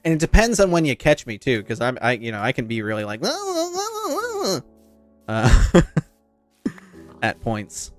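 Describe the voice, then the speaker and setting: While streaming a game, a man with a nasal voice and slight lisp chats casually and rambles to his viewers. His voice is on the high side with huge pitch swings, and his pace is unhurried. Faint music plays in the background.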